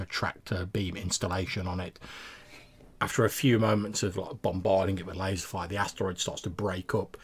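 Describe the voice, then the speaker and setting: A man narrating a tabletop space adventure as game master, in a measured, descriptive way. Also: deep voice, slightly rough.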